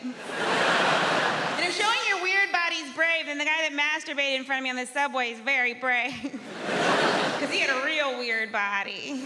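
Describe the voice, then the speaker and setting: A woman doing dry, deadpan observational stand-up on a theatre stage. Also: high voice. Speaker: stand-up comedian. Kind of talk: stand-up comedy. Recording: live theatre with reverb and loud noise.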